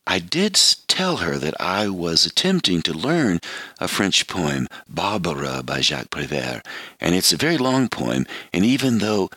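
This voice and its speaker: An American man in his seventies telling a reflective personal story in an animated, swooping way. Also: sits low, measured pace, breathy edge, dry recording.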